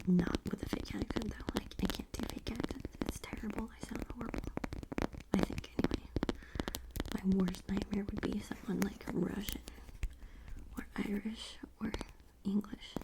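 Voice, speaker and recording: Soft-spoken woman half-whispering. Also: mid-range voice, steady tone, moderate pace, long pauses, poor audio. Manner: soft-spoken, drifting between murmur and whisper, rambling. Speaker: ASMR creator. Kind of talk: soft-spoken ASMR ramble. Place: apartment room. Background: faint tapping and scratching clicks.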